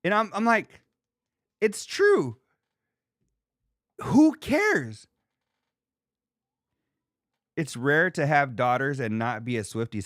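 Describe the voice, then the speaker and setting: A man in his thirties hosting a podcast in casual chat, animated and profane, reading comments from a live chat. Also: mid-range voice, no room sound, clean studio sound. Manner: animated, profane, laughs and mimics people. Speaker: podcast host.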